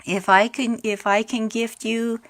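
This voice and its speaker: A woman's voice: on the high side, little pitch movement, unhurried, fairly bright tone. A middle-aged woman speaking earnestly about her life, heartfelt and unscripted, with frequent fillers and restarts. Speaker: widow sharing her grief experience. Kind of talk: personal talk to camera.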